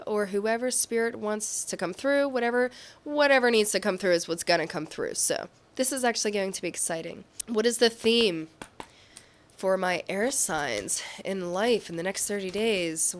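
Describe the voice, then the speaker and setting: A woman's voice: medium pitch, a little hiss or hum. A woman giving a casual tarot reading, bubbly and giggly, full of affirmations. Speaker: tarot reader and medium.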